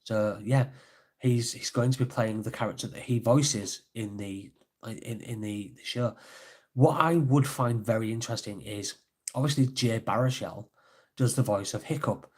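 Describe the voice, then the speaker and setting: A man's voice: medium pitch, normal speed, darkish tone. A man chatting casually on a live stream, rambling and easygoing as he reads out viewer comments. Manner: rambling, laughs easily, reads chat comments aloud. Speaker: livestreamer and author.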